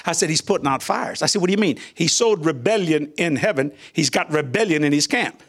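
An older man, a minister guest, telling a personal testimony in an interview, animated, chuckling often and acting out the voices he quotes. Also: fairly high pitch, brisk, slightly rough.

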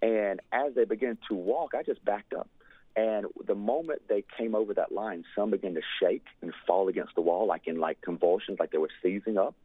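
A man's voice: fairly low pitch, fairly quick, husky, dry recording. A man telling a fervent ministry testimony in an earnest storytelling way, full of "you know" fillers. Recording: dry, tinny phone-like line.

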